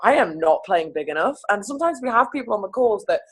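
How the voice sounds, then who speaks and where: A woman's voice: mid-range voice, big pitch swings, fast talker, breathy edge. A woman hosting a group call, effusive and laughing as she talks. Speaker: call host. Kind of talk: casual chat on a group call.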